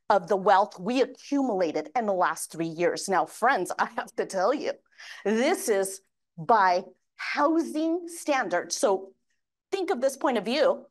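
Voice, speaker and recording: A woman with a fairly high voice delivers a conference keynote full of energy. She addresses the crowd directly, asks for a show of hands, and slips into quick quoted voices with big swings in pitch. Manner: energetic, talks to the audience and asks for raised hands. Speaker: keynote speaker. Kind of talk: lively conference presentation. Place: conference room with an audience.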